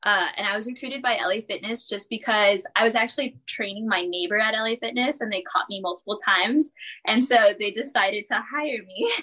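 This twenties-aged podcast guest, who is both a college student and a personal trainer, tells her story in a relaxed interview, and the recording quality is poor. She has a forceful, bright tone at a mid-range pitch and talks a little fast. Her manner is chatty and cheerful, with scattered laughs and plenty of "um" and "like."

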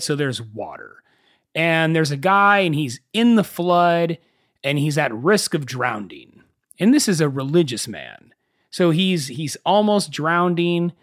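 A young man hosting a casual solo podcast, telling stories in an animated way and swearing freely. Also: fairly high pitch, no room sound, studio quality. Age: young adult. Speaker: podcast host.

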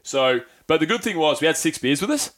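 An Australian man on a podcast, telling a rowdy story in casual chat, animated, often laughing and doing voices. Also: on the high side, brisk. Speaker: podcast co-host.

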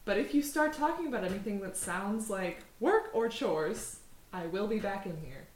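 A woman playing a tabletop role-playing game with friends, talking someone down with a calm, slow, soothing pep talk. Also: mid-range voice, echoey room, a little hiss or hum, poor audio. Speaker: player.

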